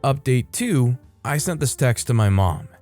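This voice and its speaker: A man giving scripted narration of online stories in an even, conversational reading. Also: mid-range voice, a little slow. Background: faint background music.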